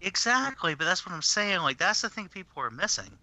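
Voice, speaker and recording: Bright-voiced animated podcast man. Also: sits high, a little fast, dry recording. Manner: animated, profane, emphatic. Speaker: podcast co-host. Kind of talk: casual podcast chat.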